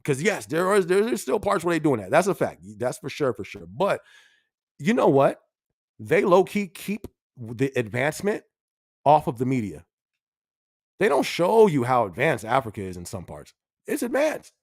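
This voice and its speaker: A man's voice: mid-range voice, sing-song, moderate pace, no echo, clean studio sound. A man hosting a casual live-stream podcast, chatting in slang, laughing often and repeating his phrases. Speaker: livestream podcast host.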